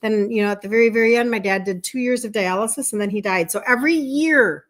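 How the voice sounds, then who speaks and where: Chatty Minnesota woman with a high voice. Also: fast. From Minnesota, USA. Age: 50s. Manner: chatty, repeats words, greets viewers by name. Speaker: health coach and livestream host. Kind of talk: casual livestream chat. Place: indoor room with balloons behind her.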